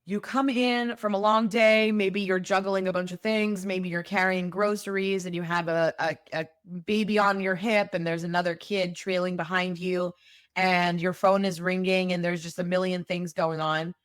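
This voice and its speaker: A woman's voice: fairly low pitch, steady tone, moderate pace, clear, resonant tone, dry recording, clean studio sound. A woman hosting a solo podcast, talking in a conversational, emphatic way and explaining with everyday examples. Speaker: podcast host.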